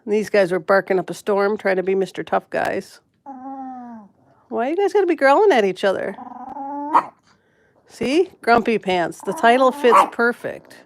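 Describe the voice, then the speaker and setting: Streaming from home with her pets, a woman hosts a pet channel live stream, chatting casually, telling a story, and greeting viewers. She's a rambling, chatty storyteller who laughs often, her medium-pitched voice swinging widely at normal speed with frequent pauses. The sound is dry, with no room sound.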